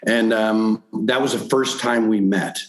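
A man telling a story in a casual interview, rambling with lots of halting restarts. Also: on the low side, fairly even intonation. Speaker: comedian guest. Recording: roomy echo.

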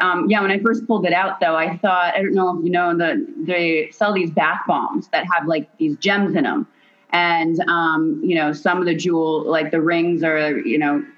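A woman telling a story as an interview guest, animated, with many fillers and hesitations. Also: lowish voice. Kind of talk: casual storytelling. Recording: dull lo-fi audio.

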